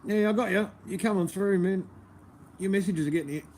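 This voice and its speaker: A man's voice: high-pitched, a little fast, a little mellow, a little hiss or hum. An Australian man chatting casually on a livestream, laid-back and chatty, often laughing as he answers viewers.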